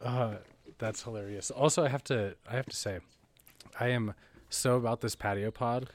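A young man hosting a casual podcast, laid-back, with short easy replies and relaxed chatter. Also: mid-range voice, moderate pace, no echo. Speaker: podcast host.

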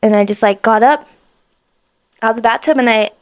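A woman hosting a podcast tells her personal faith testimony in an emotional way, full of "like" fillers, sometimes dropping to a hushed whisper. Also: on the high side, brisk, dry recording. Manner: emotional, heavy use of "like" fillers; drops to a hushed whisper in moments of prayer. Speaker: podcast host.

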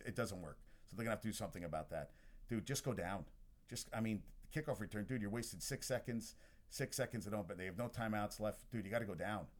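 A man hosting a sports podcast, chatting casually about games as he watches one, rambling with restarts and asides. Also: fairly low pitch. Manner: chatty and excitable about scores. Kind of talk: casual sports talk while watching a game.

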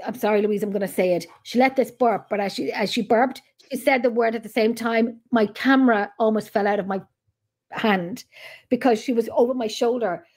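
An Irish woman hosts a loose, friendly chat over a video call. She tells stories with lively retellings, and her voice sits somewhat high. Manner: chatty storyteller, animated retelling. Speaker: host. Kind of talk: casual chat.

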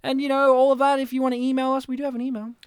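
A man's voice: very high voice, monotone, racing, smooth, dry recording, clean studio sound. A man hosting a casual podcast, joking around and laughing often while signing off to listeners. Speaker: podcast host.

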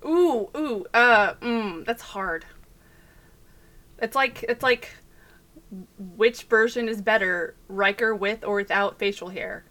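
A woman's voice: mid-range voice, takes it slowly, fairly bright tone. A woman with a Texas accent, a podcast guest running a trivia game in a chirpy, playful way. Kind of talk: casual chat.

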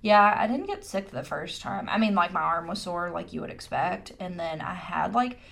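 A woman's voice: lowish voice, lively intonation, moderate pace, creaky, fairly bright tone. A woman with a Southern US accent co-hosting a casual chat podcast, with dry teasing remarks. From Texas. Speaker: podcast co-host.

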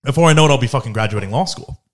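A man in his twenties chatting casually, frank and relaxed, swearing freely. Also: mid-range voice, very fast. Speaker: co-host, law school applicant. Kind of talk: casual family chat.

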